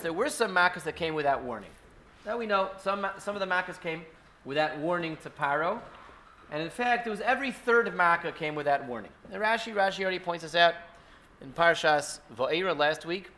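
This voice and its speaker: A man's voice: on the high side, bright, forceful tone. A man teaching an informal Torah class at an indoor gathering, speaking in a conversational way full of fillers and restarts.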